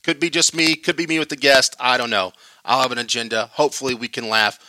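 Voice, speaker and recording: Bright-voiced podcast host, rambling. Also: male voice, medium pitch, fairly even intonation, fast, no room sound. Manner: rambling, loose and self-deprecating with many fillers. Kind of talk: casual solo podcast trailer.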